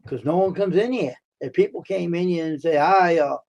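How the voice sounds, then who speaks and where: Heated, repetitive American live-stream host. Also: male voice, a little high, moderate pace, vocal fry, darkish tone, muffled recording. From United States. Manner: talks back to chat, repeats himself, heated then soothing. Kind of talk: casual live stream chat with viewers.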